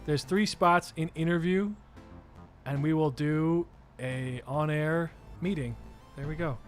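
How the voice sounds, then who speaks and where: A man co-hosting a loose, joking podcast while he plays a game. His voice sits a bit high, and he keeps slipping into silly put-on voices. Faint music plays under the talk. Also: takes it slowly. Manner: jokey, puts on silly voices for bits. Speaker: podcast co-host. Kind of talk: casual chat while gaming.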